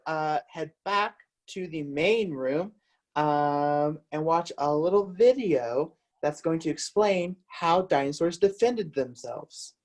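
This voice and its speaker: A camp instructor teaching children over a video call. The delivery is slow and gentle, walking them through each step. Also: medium pitch. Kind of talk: online kids' class.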